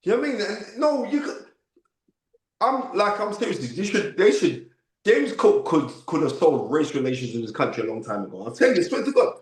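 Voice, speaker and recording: A man of fifty with a London accent, telling stories as a podcast guest in an emphatic, animated way. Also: high voice, brisk. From United Kingdom. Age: 50s. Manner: emphatic, acts out quoted voices, frequent "you know what I mean". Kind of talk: animated interview storytelling. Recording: echoey room.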